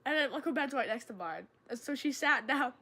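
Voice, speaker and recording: High-pitched gamer girl, rambly storytelling, says like a lot, voice swoops up and down. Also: fairly quick. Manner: rambling, lots of "like" fillers; animated, jumps into high excited tones. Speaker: streamer. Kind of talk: casual storytelling while gaming.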